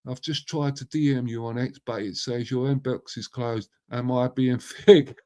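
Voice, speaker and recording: A man's voice: medium pitch, steady tone, normal speed, a little mellow. A middle-aged English man hosting a casual live chat, blunt and matey, swearing freely and calling viewers mate and bruv. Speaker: live stream host.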